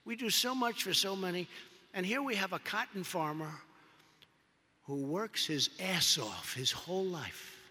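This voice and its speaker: Speaking a little slowly in a high voice with lively intonation, a man delivers a rambling, repetitive rally speech loaded with superlatives. The background is noisy, and the long reverb suggests a large hall.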